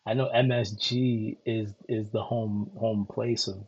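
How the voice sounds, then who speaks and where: A man from Connecticut in a long, casual monologue, loose and profane, circling back over the same points. His voice sits a little low and sounds husky. The recording is dull and lo-fi. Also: little pitch movement, takes it slowly, a little mellow. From Connecticut, USA. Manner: loose, profane, repetitive storytelling with many fillers. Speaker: streamer host.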